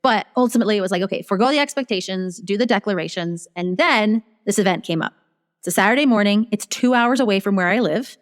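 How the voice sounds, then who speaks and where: Quick and mid-range, the voice of a guest business strategist fills what sounds like a large hall. She tells her story on a casual interview with lots of animation, voicing her own inner dialogue.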